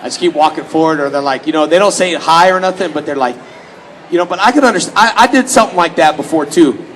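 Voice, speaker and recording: A man's voice: fairly high pitch, quick pace, a little hiss or hum, poor audio. A man from Houston, around his late thirties, telling joking stories to fans as a convention panel guest, often slipping into mock voices. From Houston, Texas, US. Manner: joking, animated, slips into mock voices for quotes. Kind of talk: casual storytelling to a fan audience.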